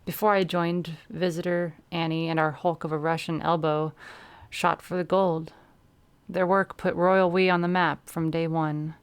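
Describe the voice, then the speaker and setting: Low smooth-voiced woman reading a story. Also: little pitch movement, a little slow. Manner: breaks off to laugh and comment. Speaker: streamer reading a story aloud. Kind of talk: first-person story narration.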